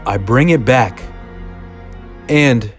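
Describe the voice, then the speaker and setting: A young adult man narrating a funny childhood story in a casual, slangy, animated storytime style. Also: extremely slow, faint music behind. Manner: casual, animated, slangy delivery with big pitch swings. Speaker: storyteller, channel host.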